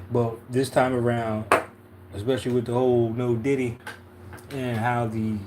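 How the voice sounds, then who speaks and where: A man's voice: mid-range voice, darkish tone, a little hiss or hum. Laid-back slangy man reading tarot. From Philadelphia. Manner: laid-back, slangy, often asks "you know what I'm saying". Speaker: tarot reader, livestream host. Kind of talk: casual livestream tarot reading.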